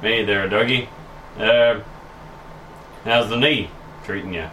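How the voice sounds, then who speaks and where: A man voicing a male Texan adventurer, hesitant and full of pauses. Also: lowish voice, fairly bright tone, echoey room, distant mic, highs cut off, a little hiss or hum. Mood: friendly.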